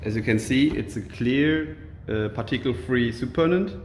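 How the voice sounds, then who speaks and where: A man giving a live laboratory demonstration, explaining each step in a halting way with many fillers and restarts. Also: medium pitch. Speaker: product demonstrator. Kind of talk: live lab demonstration over a video call. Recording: roomy sound with faint noise.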